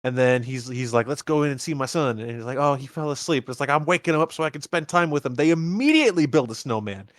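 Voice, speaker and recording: A man's voice: mid-range voice, animated, quick pace, hardly any pauses, dry recording, clean studio sound. A man hosting a podcast, casually retelling a movie and acting out the characters' lines with lots of stammered restarts. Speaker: podcast host. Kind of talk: casual movie rewatch chat.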